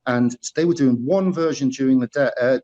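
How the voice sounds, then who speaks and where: Telling stories as a guest in a relaxed interview, a middle-aged ex-musical performer with a northeast English Teesside accent rambles, filling gaps and starting over repeatedly. His mid-range voice has a darkish tone at a moderate pace, captured on a muffled recording.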